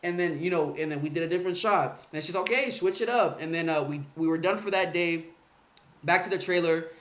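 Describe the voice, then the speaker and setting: A man's voice: a little high, fairly quick, fairly bright tone. A man, a podcast guest, telling a story casually in a laid-back, slangy way with plenty of swearing. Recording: roomy podcast room.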